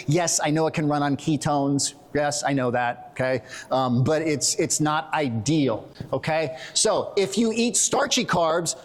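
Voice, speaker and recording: A middle-aged man giving a blunt, joking conference lecture on training and nutrition. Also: a little high. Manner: blunt, joking, self-deprecating. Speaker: strength and conditioning coach. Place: conference hall stage.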